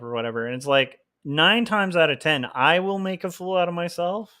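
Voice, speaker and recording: A man's voice: on the high side, normal speed, hardly any pauses, pushed and bright. Rambling man chatting on a stream. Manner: rambling with many fillers, self-deprecating, laughs often. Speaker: livestream host and comic artist. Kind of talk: casual chat while drawing.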